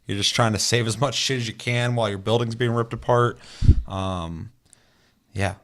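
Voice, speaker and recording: A man's voice: on the low side, steady tone, normal speed, a bit bright. A young man co-hosting a gaming podcast, telling long, rambling stories full of swearing in casual chat. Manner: rambling, profane storytelling. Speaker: podcast co-host.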